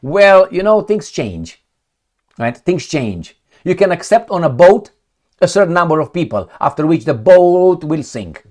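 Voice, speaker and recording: A man's voice: high voice, moderate pace, a little mellow. A man hosting heated political commentary, sarcastic and indignant, firing off rhetorical questions.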